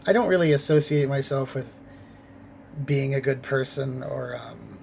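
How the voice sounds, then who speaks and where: A convenience store clerk telling a story to camera in a casual, profane, animated way. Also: male voice, mid-range voice, normal speed, vocal fry, background noise.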